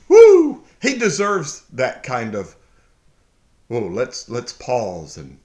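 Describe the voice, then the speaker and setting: Slow, animated man teaching scripture. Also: medium pitch. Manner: slow and halting, with sudden excited shouts. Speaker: Bible teacher. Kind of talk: casual verse-by-verse Bible reading and commentary. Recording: echoey room.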